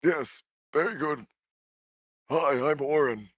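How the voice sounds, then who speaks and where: A man's voice: on the high side, slow pace, a bit bright, dry recording, voice pushed up. A man playing a fussy, formal male tour guide who is eager to please.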